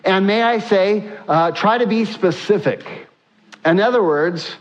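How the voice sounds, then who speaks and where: A man's voice: sits high, measured pace, highs cut off. A man preaching a sermon as a pastor, emphatic and repetitive, with many fillers. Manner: emphatic, repeats points, frequent "uh" fillers.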